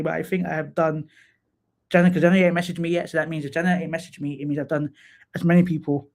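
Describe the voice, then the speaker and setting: A man hosts a casual live stream, talking straight to his viewers and giving frank feedback. His voice sits a touch higher than most men's. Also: fairly even intonation, fast talker. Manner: chatty, candid, talks to viewers by name; drops into sung snatches and playful asides. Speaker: live stream host reviewing profiles.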